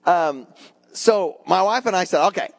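Older male pastor, animated storyteller, bright lively voice that swings widely, chatty with the congregation. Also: fairly high pitch, moderate pace. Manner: conversational, addresses congregation as guys. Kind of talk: sermon.

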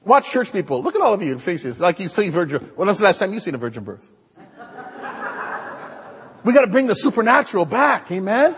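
A male preacher giving an animated, joking sermon to his congregation. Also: high voice, fairly quick, long reverb tail. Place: church hall.

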